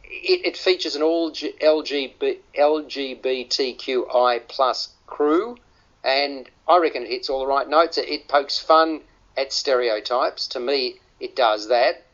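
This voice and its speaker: A man's voice: mid-range voice, a little slow, a bit bright. A man hosting a radio film review panel, often restarting and repeating words as he talks. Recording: dull lo-fi radio audio.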